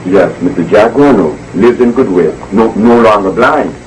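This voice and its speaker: A man's voice: fairly low pitch, animated, moderate pace, recorded from a distance, a little hiss or hum, rough recording. A man giving an emphatic, preachy lecture to a live audience, repeating words for force. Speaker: speaker addressing an audience. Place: indoor evening gathering.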